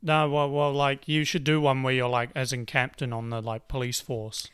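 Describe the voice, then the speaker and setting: A man's voice: mid-range voice, level tone, moderate pace, fairly bright tone, clear, resonant tone, no room sound. Teasing young man, dry close mic. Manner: playful teasing, laughs often. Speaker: podcast co-host. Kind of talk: casual chat.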